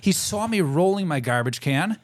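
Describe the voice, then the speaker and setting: A man's voice: fairly high pitch, lively intonation, normal speed, no echo, clean studio sound. A man co-hosting a casual chat podcast, rambling and full of fillers. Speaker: podcast co-host.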